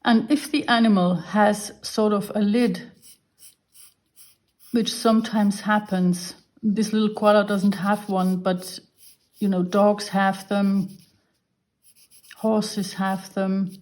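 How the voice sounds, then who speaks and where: A woman teaching a beginners' drawing lesson. She talks slowly and patiently and walks through each step as she sketches. Her voice sits at an ordinary middle pitch. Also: little pitch movement, darkish tone. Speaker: art teacher.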